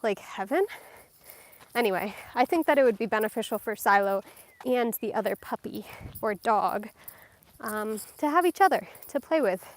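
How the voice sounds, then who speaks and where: A young woman records a casual vlog on her phone while walking her dog through a neighborhood. She sounds a little out of breath, and her voice sits on the higher side. She is chatty and easily distracted. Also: lively intonation, normal speed. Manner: chatty, distracted, laughing often, slightly out of breath. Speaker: lifestyle vlogger. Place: outdoors walking a dog on a residential street. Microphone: handheld phone.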